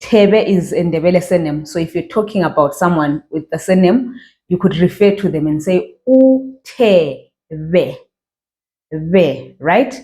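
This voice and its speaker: A woman's voice: lowish voice, lively intonation, a little slow, warm tone. A woman from Zimbabwe teaching a beginner reading class, patiently drawing out each model word and checking in with okay and all right. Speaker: language teacher. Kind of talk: slow pronunciation lesson.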